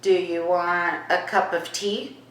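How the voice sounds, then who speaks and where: A woman vlogging in her home kitchen. She asks a spirit hushed questions and turns to viewers with excited asides. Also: on the low side, slow, reverberant, poor audio. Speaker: vlogger host. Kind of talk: casual paranormal vlog.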